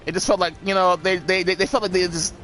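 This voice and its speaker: A man's voice: high-pitched, quick pace, soft background music. A man ranting casually about a story he watched, swearing often and laughing between lines. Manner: profane, laughing, animated. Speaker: video creator. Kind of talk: casual rant.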